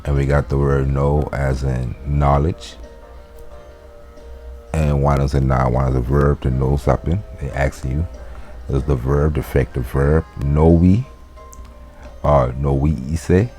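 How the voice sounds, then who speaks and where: A man's voice: extremely low pitch, level tone, unhurried, pauses often, mellow, soft background music. A man teaching a casual language lesson, explaining loosely with fillers and restarts. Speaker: Latin teacher.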